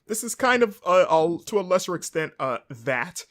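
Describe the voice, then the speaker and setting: A man's voice: sits high, sing-song, moderate pace. A man hosting a podcast, casually recapping a show on his own, rambling with lots of fillers and mid-sentence corrections. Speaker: podcast host.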